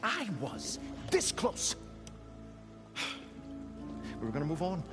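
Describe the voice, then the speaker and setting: A grumbling money-minded partner in a video game, sardonic and sighing. His pitch swings widely at a slow pace, over loud game music. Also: wildly swooping pitch, exaggerated voice.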